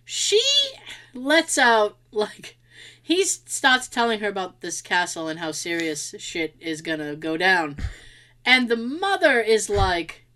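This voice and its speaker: Woman, casual storyteller, bright and sharp voice, swings all over in pitch, animated. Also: slow pace. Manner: animated, laughing, swearing, acts out quotes. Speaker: podcast co-host.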